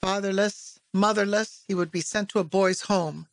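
A woman narrating literary fiction as an audiobook, in a measured, even storytelling voice on a close mic. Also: medium pitch.

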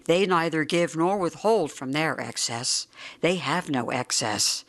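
Brief: measured, dryly ironic audiobook narrator with a mid-pitched voice. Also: fairly bright tone. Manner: wry, measured storytelling. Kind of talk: scripted narration.

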